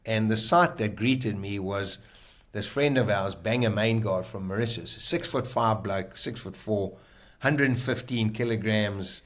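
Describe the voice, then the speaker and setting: A man, a guest on a podcast, telling a personal story in a vivid, animated way and acting out the lines people said. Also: on the low side, a little slow.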